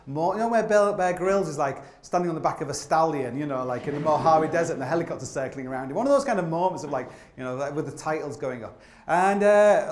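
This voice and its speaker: A man telling rambling, comic climbing stories live on a theatre stage, full of fillers and the odd swear word. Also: on the high side. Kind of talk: live comic storytelling talk. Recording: roomy theatre sound with faint noise.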